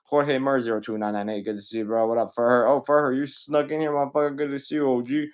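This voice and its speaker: A man's voice: medium pitch, fairly even intonation, clear, resonant tone. A man hosting a live stream that sells video games, chatting casually and cursing freely as he greets viewers one after another. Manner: loose and profane, greets viewers rapid-fire. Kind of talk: casual live-selling chat.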